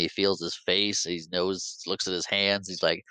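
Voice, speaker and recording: Casual guy retelling a movie, bright, clear, kinda low. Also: no room sound, low-quality recording. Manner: animated retelling with quick character quotes and laughs. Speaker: podcast host.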